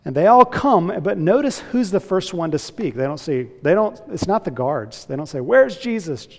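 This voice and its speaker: A man's voice: fairly high pitch, animated, moderate pace, a little mellow. A man preaching an emphatic expository sermon as pastor, voice rising for emphasis. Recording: hall with long reverb.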